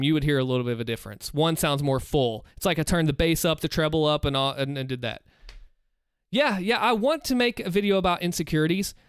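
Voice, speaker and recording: Man, fairly high voice, smooth and clear, casual live-stream chat, earnest rambling advice, dry close desk mic. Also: dry recording. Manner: earnest, rambling, lots of restarts, advice-giving. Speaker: streamer answering viewer questions. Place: home room, seated in a chair. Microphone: desk microphone.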